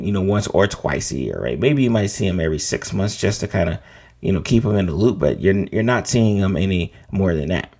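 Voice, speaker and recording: A man's voice: fairly low pitch, creaky, darkish tone, slightly rough. A middle-aged man, a physician hosting a show, explaining checkups in a casual, conversational way, tagging lines with "right?". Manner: conversational, frequent "right?" asides. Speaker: physician host. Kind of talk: casual educational talk.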